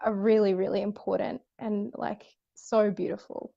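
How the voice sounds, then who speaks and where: A woman's voice: mid-range voice, level tone, normal speed, creaky, mellow, lo-fi sound. A woman hosting a casual spiritual chat, talking earnestly with casual swearing and frequent restarts. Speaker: host.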